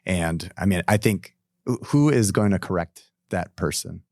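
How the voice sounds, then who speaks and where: Pastor, man, deep and earnest, reflective podcast talk, dry room. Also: animated, measured pace, a little mellow, no echo. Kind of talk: casual podcast discussion.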